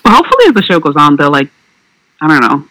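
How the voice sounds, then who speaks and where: Opinionated man with a crisp, dry voice. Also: on the high side, fast, no room sound, rough recording. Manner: opinionated, animated, frequent "um" and "like". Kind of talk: casual chat.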